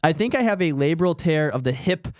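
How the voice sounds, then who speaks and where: Male podcast comic, rambly delivery, slightly high pitch, dry booth sound. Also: expressive, fairly quick, no echo. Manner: rambling, trails off, laughs often. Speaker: podcast co-host, comedian. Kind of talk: casual comedy banter.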